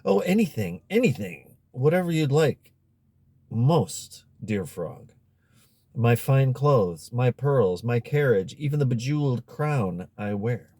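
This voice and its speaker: A man voicing a spoiled, haughty young princess in a fairy-tale audiobook, lifting his voice higher. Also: animated, moderate pace, dark tone, no echo, natural voice. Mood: desperate. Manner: haughty, dismissive.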